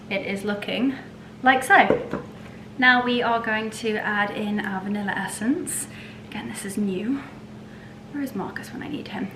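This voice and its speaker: A woman talking casually through a baking tutorial in her home kitchen, gushing and often dropping to a soft whisper. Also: mid-range voice, echoey room, noisy background. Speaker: lifestyle vlogger.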